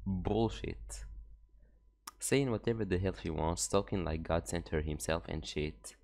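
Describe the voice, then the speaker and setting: A man's voice: deep voice, a little slow, creaky, darkish tone. A man reading a brash, foul-mouthed young man from a game, blunt and impatient. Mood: gruff. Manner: swearing, blunt.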